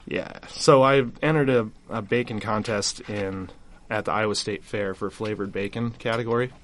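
A man, a chef guest on a radio show, calmly explaining how a dish is made, with plenty of fillers. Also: on the low side. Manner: unhurried, walks through steps with fillers. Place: radio studio.

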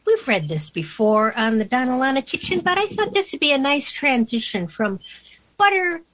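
Animated woman radio host. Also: sits high, moderate pace. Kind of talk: casual radio chat and poetry reading.

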